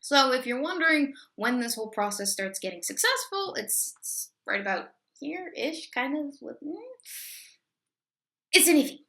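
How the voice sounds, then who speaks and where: A woman's voice: high-pitched, expressive, moderate pace, few pauses, bright, forceful tone, soft background music. A woman hosting a satirical explainer video, talking in a sarcastic, crude and irreverent way. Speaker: comedy video host.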